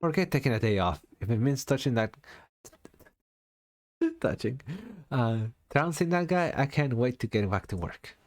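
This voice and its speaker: A man's voice: medium pitch, big pitch swings, normal speed, pauses often. A man streaming a game, giving playful, casual commentary and reacting as he reads game text aloud. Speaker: VTuber streamer.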